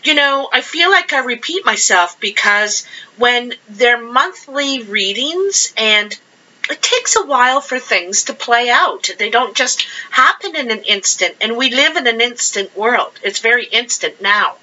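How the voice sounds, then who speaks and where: A woman's voice: a little high, lively intonation, measured pace, bright, forceful tone, a little hiss or hum. A woman giving a casual monthly tarot reading, chatty and rambling as she thinks aloud over the cards. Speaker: tarot card reader. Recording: dull lo-fi sound.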